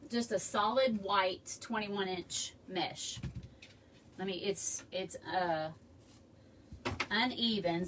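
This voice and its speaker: A woman hosting a casual live craft tutorial, chatting and rambling with friendly asides to her viewers from her home. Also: mid-range voice. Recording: room mic from a distance, faint background noise.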